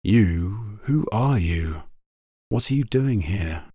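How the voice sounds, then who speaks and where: A man playing a tough young space hero, talking in brisk questions. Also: on the low side, lively intonation, dark tone, slightly rough, no room sound, studio quality, full character voice. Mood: alert.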